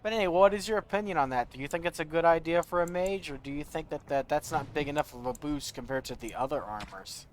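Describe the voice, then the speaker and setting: A young man with a slightly high voice streams a video game on a studio desk mic, talking quickly with few pauses over faint background noise. He rambles through gear stats and jokes about his own voice while chatting casually with viewers.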